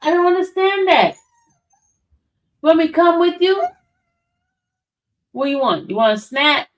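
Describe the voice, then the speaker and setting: A woman's voice: very high-pitched, lively intonation, unhurried. A woman chatting casually with her viewers and teasing her dog with playful questions.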